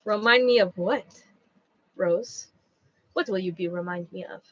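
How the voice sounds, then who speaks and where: A woman's voice: medium pitch, fairly quick, no echo, muffled recording. A woman who owns a craft shop, chatting casually on a livestream while she packs orders, rambling and blunt.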